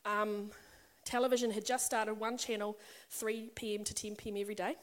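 A woman's voice: medium pitch, little pitch movement, fairly quick. A middle-aged woman preaching to a congregation, talking in a conversational, personal way and building to emphatic passages. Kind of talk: sermon. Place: church or meeting hall with a congregation.

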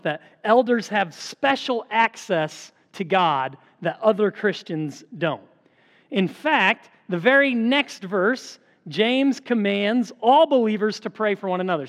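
A man's voice: sits high, in a large hall. A man preaching a sermon as pastor, earnest and emphatic, asking rhetorical questions and answering them.

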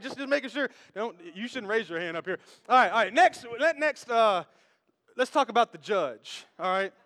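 On a church stage, a male pastor with a very high, somewhat bright voice delivers a sermon playfully and conversationally, trading jokes with the congregation. The hall is echoey, with long reverb.

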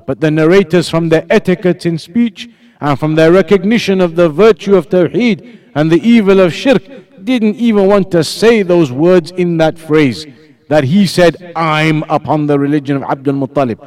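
A man's voice: high voice, moderate pace, darkish tone. A man teaching an Islamic lesson, explaining points patiently, repeating them and putting questions to his students.

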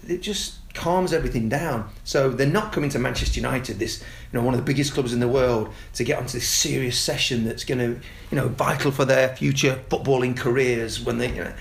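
Man, gravelly, echoey room, animated storytelling. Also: a little hiss or hum. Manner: animated storyteller, mimics excited kids in a high voice. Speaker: youth football coach. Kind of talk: casual podcast chat.

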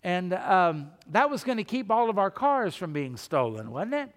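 A man's voice: high-pitched, sing-song, moderate pace, long reverb tail. A man preaching a sermon as pastor, telling stories in a folksy, conversational way. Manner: folksy storytelling with asides.

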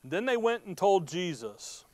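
A man with a high, sing-song voice preaches at a moderate pace in a dry recording, reading scripture verse by verse and pausing to explain each one. He poses rhetorical questions and answers them himself, restarting words when he gets stirred up.

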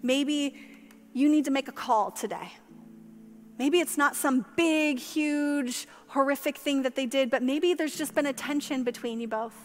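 A woman pastor preaching a sermon with passion, climbing to emphatic peaks and then falling soft. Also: sits high, a little slow. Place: church sanctuary. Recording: long church-hall reverb.

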